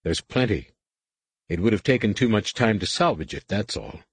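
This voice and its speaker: A man voicing a firm, serious young male Jedi leader, speaking in a clipped, sharp way close to his own lowish voice. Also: expressive, moderate pace, breathy edge, no echo. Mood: stern.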